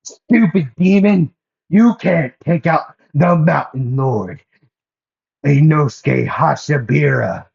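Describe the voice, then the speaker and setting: A loud, brash young swordsman, put on by a man cackles and hurls boasts at his enemy. The voice jumps high above the man's usual low register. The audio has a dull, lo-fi quality. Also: takes it slowly, gravelly, breathy edge, full character voice. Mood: boastful.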